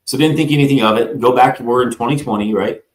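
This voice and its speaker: A man with a medium-pitched voice talks fast as a guest on a live talk show, rambling through a long personal story. He acts out the people in it and often calls the host by name, and the recording has a roomy echo.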